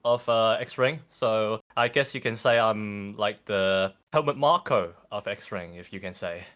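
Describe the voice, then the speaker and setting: A man's voice: on the low side, unhurried, a bit bright. A man who coaches a racing team, joking and teasing in casual podcast chat. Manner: joking and teasing, laughs often.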